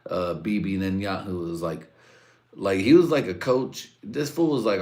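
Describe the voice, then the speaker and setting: A man's voice: sits low, moderate pace, mellow. A man hosting his own livestream, rambling crudely and laughing at his own jokes. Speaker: livestream host. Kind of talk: casual profane livestream rant.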